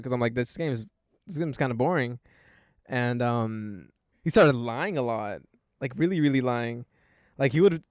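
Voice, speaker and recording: A man's voice: mid-range voice, clean tone, no echo, clean studio sound. A young man hosting a casual podcast, telling a story in a rambling way full of fillers. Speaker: podcast host.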